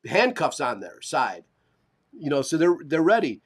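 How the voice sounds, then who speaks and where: A podcast co-host with a slightly high, slightly rough voice speaks a little slowly as he tells a long story in casual chat on a live stream. He's animated and swears, acting out the voices of the people he quotes.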